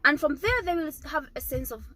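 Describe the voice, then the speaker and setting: High-pitched, brisk, and sharp-toned with lively intonation, a mother in her thirties gives parenting advice to camera. It's casual, earnest, and repetitive, with frequent "okay?" check-ins, recorded with no echo but in low quality.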